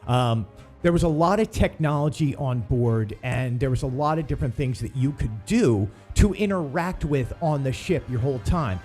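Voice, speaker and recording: A man's voice: mid-range voice, expressive, normal speed, a little mellow, soft background music. A middle-aged man hosting a theme-park news show in casual, rambling chat full of ums and uhs.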